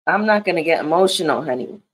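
A woman's voice: deep voice, expressive, fast, husky. A woman in her thirties chatting casually and candidly as a commentary vlogger, emphatic and profane. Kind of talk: casual chat.

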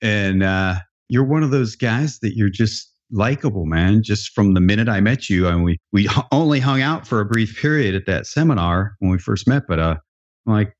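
This man hosts a podcast interview in a relaxed, joking way, drifting into stories and restarting sentences as he goes. His voice sits fairly low, and the sound is a bit dull and lo-fi. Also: moderate pace. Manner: jokey, chatty, loose storytelling with restarts. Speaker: podcast host. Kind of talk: casual interview chat.

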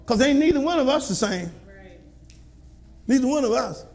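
High-pitched preaching man. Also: animated, normal speed. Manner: call-and-response preaching, colloquial, rising to shouts. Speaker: pastor. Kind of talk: sermon.

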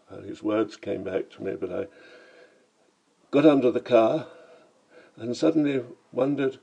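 A man's voice: mid-range voice, unhurried, vocal fry, pauses often, warm tone, breathy edge, low-quality recording. A man narrating his own travel memoir in a vivid, dramatic storytelling manner.

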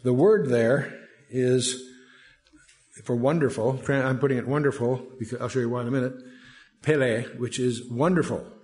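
A man's voice: mid-range voice, moderate pace, darkish tone. A man giving a Bible study lecture, talking in a conversational, digressive way with asides and reading scripture aloud. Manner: reads scripture aloud in a lifted voice. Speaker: Bible teacher.

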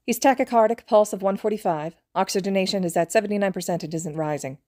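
A woman voicing a calm, authoritative female trauma doctor who gives brisk clinical orders and reassures patients. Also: mid-range voice, no room sound, clean studio sound, natural voice. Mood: urgent.

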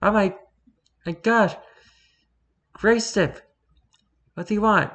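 A man voicing an excitable young female cat in a high, squealing, gushing voice while reading a fan story aloud. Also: slow.

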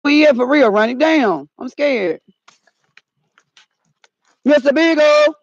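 A woman vlogging outdoors in the cold, talking in a dramatic, slangy way and shouting out calls. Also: high-pitched, lively intonation, moderate pace. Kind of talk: casual outdoor vlog. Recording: dull lo-fi phone audio.

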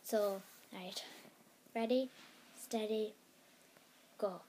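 Soft-spoken hesitant woman vlogger. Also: fairly high pitch, takes it slowly, long pauses, slight background noise. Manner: hesitant and rambling, often dropping to a whisper. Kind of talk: casual chat to camera.

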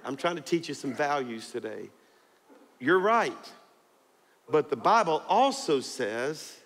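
A man preaching a sermon as pastor, telling a story with jokes and laughter and building to emphatic high points. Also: very animated, unhurried, a bit bright, long reverb tail. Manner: storytelling, joking, rising to emphatic peaks. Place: church auditorium.

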